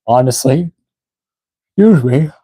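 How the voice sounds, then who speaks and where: A tired man chatting through a toy unboxing live stream. He rambles, trails off and leans on fillers, sounding short of breath at times. His mid-pitched voice sits close to the mic in a dry, dead room. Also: lively intonation, a little slow, dark tone, breathy edge, no room sound. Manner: rambling, filler-heavy, reads chat aloud. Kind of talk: casual live stream chat.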